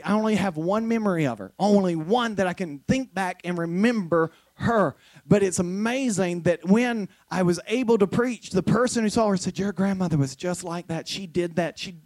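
A woman's voice: mid-range voice, a little mellow, dry recording. A woman pastor with a Southern American accent, preaching a sermon with folksy stories that build to emphatic passages.

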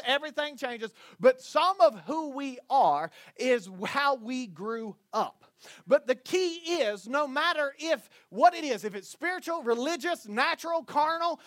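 A male pastor preaching a sermon loudly, with slow, stressed phrases. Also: very high voice, no room sound, studio quality.

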